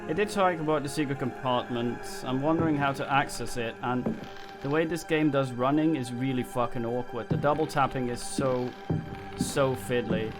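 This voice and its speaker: A man's voice: medium pitch, moderate pace, music in the background. A man streaming a game live, talking casually in a rambling, mumbling way with frequent swearing.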